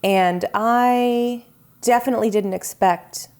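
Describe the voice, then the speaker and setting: A woman's voice: on the high side, takes it slowly, darkish tone, clear, resonant tone. A woman co-hosting a casual movie-review podcast, with playful, giggly banter. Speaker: podcast co-host.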